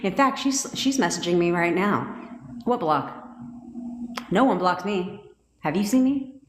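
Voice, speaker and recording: A woman's voice: fairly low pitch, lively intonation, a little slow, reverberant, a little hiss or hum. A woman putting on a swaggering, boastful young man. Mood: cocky. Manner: brash and boastful.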